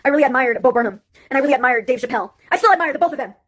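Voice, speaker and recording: High, fast-talking woman vlogger. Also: animated. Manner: rambling, self-deprecating, halting with fillers. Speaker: comedy YouTuber. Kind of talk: casual vlog monologue.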